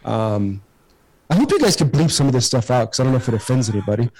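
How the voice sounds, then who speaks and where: A man's voice: mid-range voice, very animated, fast talker, darkish tone, rough recording. A man in his forties, a former baseball player, telling locker-room stories casually with lots of fillers and swearing. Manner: rambling, filler-heavy, swears freely. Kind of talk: casual storytelling.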